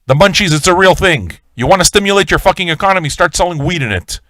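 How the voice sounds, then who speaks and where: A man's voice: high voice, lively intonation, fast, fairly bright tone, no room sound. A man hosting a live-stream radio show, ranting in a swaggering, profane way and talking straight to his viewers. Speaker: livestream radio host.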